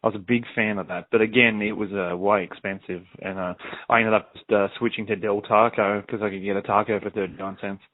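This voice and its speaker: A man with an Australian accent, a guest musician telling relaxed, joking stories in a casual interview. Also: on the low side, brisk, dry recording. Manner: chatty storyteller, relaxed and joking. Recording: dry, tinny phone-like line.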